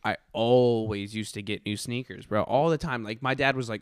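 A man's voice: mid-range voice, fairly quick, few pauses, clean tone, no room sound, clean studio sound. A man as a guest in a casual chat, an eager, laughing storyteller.

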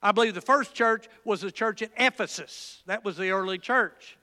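A man's voice: expressive, sharp tone. A man preaching a sermon with passion, climbing to emphatic peaks and often stopping to restart his phrases. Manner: impassioned, rising to high emphatic peaks with halting restarts. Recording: echoey hall with long reverb.

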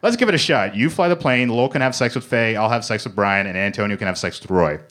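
Man doing a brisk commanding woman, raised voice, comedy stage reading. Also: lowish voice, lively intonation, a bit bright. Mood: bossy. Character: bossy take-charge woman passenger. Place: live comedy club stage.

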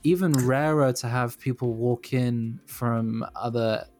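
A man's voice: medium pitch, steady tone, slow, darkish tone, soft background music. A man co-hosting a casual podcast, rambling and self-deprecating, laughing often. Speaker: podcast co-host.

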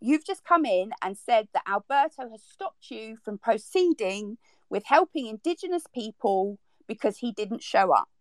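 A woman argues hotly in an online voice chat. Her voice is slightly high and swings widely in pitch, jumping upward whenever she feels accused. The sound is dry, with no room around it. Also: very animated, moderate pace, dry recording. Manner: exasperated, defensive, pitch jumping up when upset. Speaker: participant in a social audio chat. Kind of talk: heated argument.

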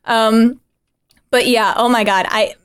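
A young woman co-hosting a podcast in casual chat, excitable, laughing often and swearing freely. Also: a little high, takes it slowly, clean tone. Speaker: podcast co-host.

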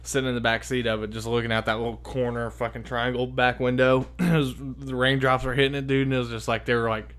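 A man's voice: mid-range voice, little pitch movement, fast, hardly any pauses, fairly bright tone, clean tone. A man telling a long story in a casual, rambling way, swearing a lot and saying "dude" and "like" constantly. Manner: rambling, profane, lots of fillers like "dude" and "like".

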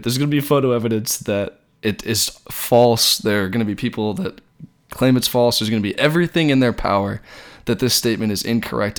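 Smooth low-voiced man, wry podcast co-host. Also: a little fast. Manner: rambling, hesitant, wry. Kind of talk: casual podcast banter.

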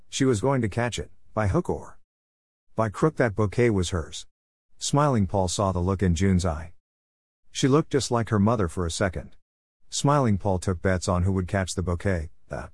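Low-voiced man reading a comic tale. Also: darkish tone, dry recording, studio quality. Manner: playful narration that voices the characters' lines. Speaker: storyteller. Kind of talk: reading a comic story aloud.

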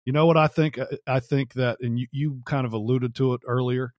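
A man's voice: medium pitch, fairly even intonation, a little fast, darkish tone, no room sound, clean studio sound. A man co-hosting a boxing podcast, ranting in casual chat, swearing and mocking with put-on voices. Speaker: podcast co-host.

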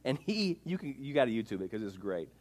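A man's voice: medium pitch, big pitch swings, quick pace, a little mellow. A man preaching a sermon in a casual, emphatic way, full of rhetorical questions. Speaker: pastor.

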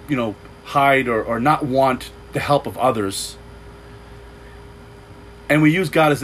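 A man's voice: medium pitch, fairly bright tone, slight background noise, poor audio. A man preaching an unscripted sermon, loose and rambling, with frequent restarts and repeated words. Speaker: pastor.

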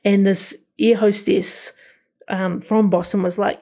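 A man's voice: high voice, level tone, moderate pace, darkish tone. A man co-hosting a podcast, chatting casually about a film in a rambling way with lots of fillers. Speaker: podcast co-host.

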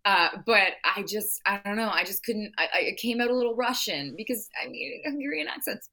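An actress speaking in a casual interview, talking at length in a rambling way with frequent restarts. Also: female voice, medium pitch, animated, fairly quick, bright, forceful tone. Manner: long-winded, rambling with restarts.

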